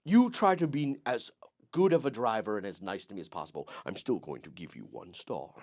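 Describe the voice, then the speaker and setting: A man's voice: lowish voice, very animated, brisk, a little mellow. A young man co-hosting a comedy podcast, telling a story with lots of energy, acting out other people's lines and laughing often. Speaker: podcast co-host. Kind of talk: casual comedic chat.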